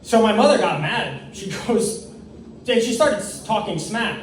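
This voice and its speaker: A man's voice: high voice, lively intonation, unhurried, a little hiss or hum. A young man from New York doing a stand-up comedy set on stage, with a rehearsed, slightly stiff delivery and long setups. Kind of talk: stand-up set at an open mic. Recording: echoey room, mic far off.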